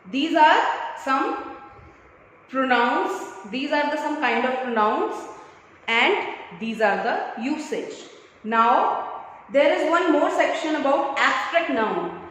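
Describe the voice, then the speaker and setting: A woman's voice: sits high, a bit bright. A woman teacher with an Indian accent explaining grammar, switching between English and Hindi. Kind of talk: grammar lesson. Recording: echoey room with long reverb.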